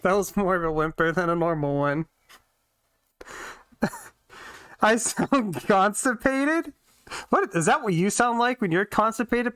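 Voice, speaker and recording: A woman's voice: mid-range voice, smooth, dry recording, clean studio sound. Giggly woman streamer, casual chat. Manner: chatty, giggly, self-conscious. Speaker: vtuber streamer. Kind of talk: casual let's-play commentary. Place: home room.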